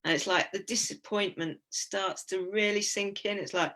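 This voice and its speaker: A woman's voice: medium pitch, normal speed, fairly bright tone. Chatty English woman telling stories. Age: 50s. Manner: chatty, giggly storytelling. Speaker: guest speaker at a club talk. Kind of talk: anecdotal talk with slides.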